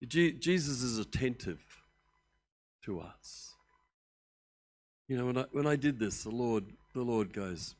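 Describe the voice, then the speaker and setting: A middle-aged man, preaching a sermon as pastor, telling the story with lively acted-out voices that swing from loud to hushed. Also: medium pitch, unhurried, pauses often. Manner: animated storytelling, acting out voices with big swings in loudness.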